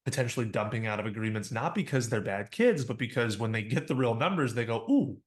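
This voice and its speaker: Confident male co-host, mid-pitched, explanatory, echoey room sound. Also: fast talker. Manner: confident, explanatory, acts out quoted voices. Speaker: co-founder and podcast guest. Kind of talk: casual podcast discussion. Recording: roomy echo.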